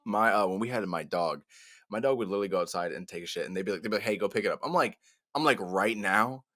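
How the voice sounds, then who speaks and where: A young man co-hosting a casual podcast chat, loud and animated, swearing and laughing often. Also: low voice, rapid-fire, no room sound, clean studio sound. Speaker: podcast co-host.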